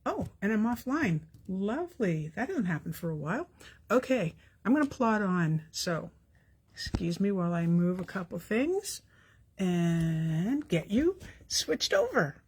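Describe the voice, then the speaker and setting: A woman's voice: medium pitch, big pitch swings, unhurried, darkish tone, slightly rough. An older woman, chatting with viewers as she demonstrates a craft on a live stream, friendly and self-deprecating. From Canada. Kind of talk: casual live-stream tutorial.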